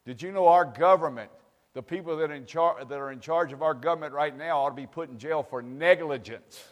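A man preaching a fiery sermon as pastor of his church, swinging from hushed asides to shouting. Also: fairly high pitch, fairly quick, in a large hall. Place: church sanctuary.

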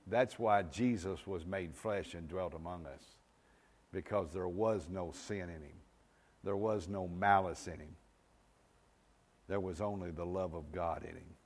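A man preaching a sermon with a somewhat low voice, pressing his points home and checking that the congregation follows. His voice rings out with a long reverb in a church sanctuary. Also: a little slow. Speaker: pastor.

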